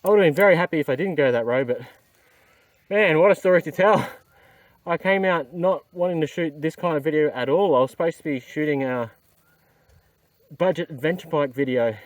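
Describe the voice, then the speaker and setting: A man's voice: a little high, fairly quick, dry recording. An exhausted man, talking casually to an action camera while riding a motorbike outdoors. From Australia. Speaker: adventure motorcycle vlogger. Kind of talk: casual vlog narration. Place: outdoors on a dirt trail.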